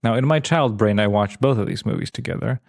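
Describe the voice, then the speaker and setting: A man's voice: on the low side, fairly quick, vocal fry, no room sound, studio quality. A man co-hosting a podcast, chatting casually and acting out movie scenes with frequent laughter. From former Yugoslavia. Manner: animated retelling, acting out scenes, laughs often. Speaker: podcast co-host. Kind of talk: casual chat.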